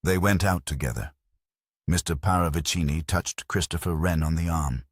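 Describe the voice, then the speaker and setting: Very deep husky male audiobook narrator. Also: moderate pace, no echo, studio quality.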